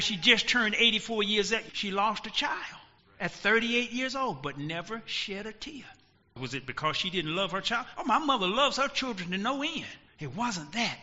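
A middle-aged male pastor preaching a sermon emphatically, rising to shouts with dramatic pauses. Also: high-pitched, sing-song. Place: church sanctuary. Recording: dull recording, long hall echo.

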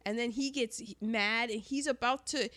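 A woman's voice: a little high, normal speed, fairly bright tone. A woman co-hosting a casual movie podcast, talking animatedly and laughing often as she retells scenes. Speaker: podcast co-host.

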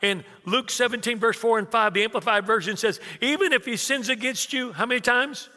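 A man in his sixties preaching with a high, bright, ringing voice. He tells stories like he is chatting, drops to near-whispers, then jumps up loud. The long reverb of a big hall trails after every line. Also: brisk. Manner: animated, conversational preaching that swings from hushed to loud. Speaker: pastor. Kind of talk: sermon with storytelling.

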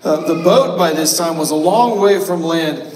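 A pastor preaching a sermon in a church sanctuary, conversational and joking. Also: male voice, a little high, normal speed, a little mellow, far from the mic. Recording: cavernous echo from a live stream, voice from afar.

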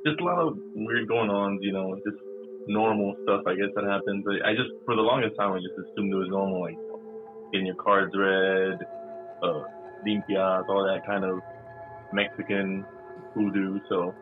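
A man's voice: low voice, fairly even intonation, moderate pace, narrow, tinny audio, over music. A man from a Texas border town, chatting casually as a podcast guest, laid-back and joking with lots of fillers. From Laredo, Texas border town. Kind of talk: casual chat.

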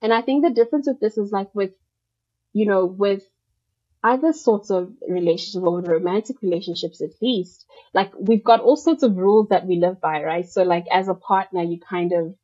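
A woman's voice: medium pitch, normal speed, warm tone, husky. A woman guest on a podcast, explaining her ideas at length in a thoughtful, casual way with many fillers. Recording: muffled lo-fi audio.

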